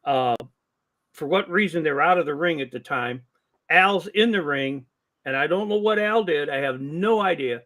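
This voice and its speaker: An older man with a voice that sits a little high talks as a guest on a casual podcast. He is a veteran wrestling promoter who tells long, animated stories and acts out the lines of the people in them. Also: moderate pace. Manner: animated storyteller who acts out quoted dialogue. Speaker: guest, longtime wrestling promoter and ring announcer.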